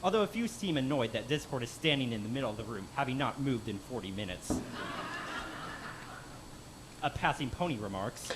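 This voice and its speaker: A man's voice: medium pitch, lively intonation, fast. A man reading a script aloud live as a channel host, in dry narration broken by wry asides. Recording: noisy home recording.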